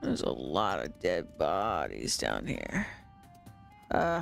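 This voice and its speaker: Playful gaming streamer with an animated voice. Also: mid-range voice, unhurried, vocal fry, faint music behind. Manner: playful, chatty, teasing the game characters. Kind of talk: casual gameplay livestream.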